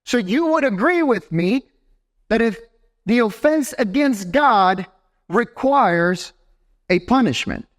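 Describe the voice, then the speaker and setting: An animated young male pastor preaching to his congregation, with a high voice that swings widely up and down. He keeps turning to the room with quick "right?" checks, lively and direct. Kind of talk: sermon. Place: church sanctuary.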